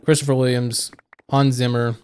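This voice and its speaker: A young man chats casually on a live stream, rambling through his thoughts with fillers and false starts. His voice sits at an ordinary middle pitch. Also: little pitch movement, normal speed, a little mellow, clear, resonant tone. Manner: rambling, thinking aloud with fillers and restarts. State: hiccuping.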